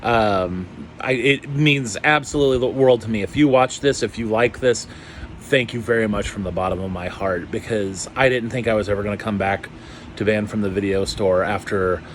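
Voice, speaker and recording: A man chatting casually in a vlog, rambling and excitable, with lots of fillers and some swearing. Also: on the low side, normal speed, a little hiss or hum. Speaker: YouTuber.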